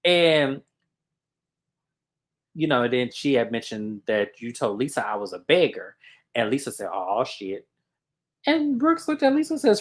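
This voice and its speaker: A woman hosting a casual reality TV recap, acting out what people said with big jumps in her voice. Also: measured pace. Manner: animated, acts out quotes with big pitch jumps.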